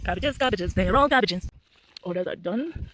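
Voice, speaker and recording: In a very noisy recording, a young homestead farmer with a mid-range voice walks viewers through her vegetable garden outdoors at a moderate clip. It's a casual vlog tour full of excited exclamations about the crops, plus calls to her dogs that swing between scolding and cooing.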